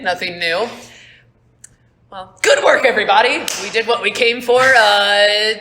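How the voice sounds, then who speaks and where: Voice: medium pitch, creaky, bright, forceful tone, pitched above the performer's own voice, exaggerated voice. A game master voicing an offhand male ship captain who talks in a casual, unbothered drawl, recorded on a phone in an echoey room.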